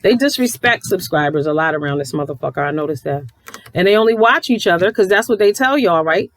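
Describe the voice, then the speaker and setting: A woman's voice: fairly low pitch, expressive, brisk. A woman YouTube commentator ranting bluntly to her viewers, swearing freely and talking to them directly. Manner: blunt, profane, sassy, addresses viewers directly.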